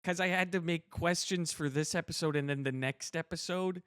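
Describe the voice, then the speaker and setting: A man's voice: a little high, fairly bright tone, clean tone, no echo, studio quality. A young man co-hosting a comedy podcast, teasing his co-host in casual chat. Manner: teasing, quick to laugh.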